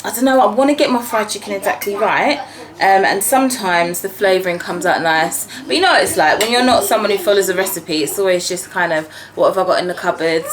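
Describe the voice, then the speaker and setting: A woman's voice: medium pitch, animated, brisk, few pauses, a crowd in the background, poor audio. A British woman in her thirties, a mother chatting casually in her home kitchen for a family vlog, teasing and talking through what she is doing. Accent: British English. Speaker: mother, vlogger.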